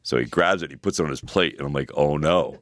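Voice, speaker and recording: Un homme d'âge moyen, co-animateur d'un podcast, qui raconte des anecdotes avec animation, imite les répliques en forçant la voix et jure volontiers. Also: male voice, extremely low pitch, rapid-fire, no echo. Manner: animated storyteller, acts out quotes in a raised voice; swears casually. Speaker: podcast co-host. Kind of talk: casual chat, storytelling.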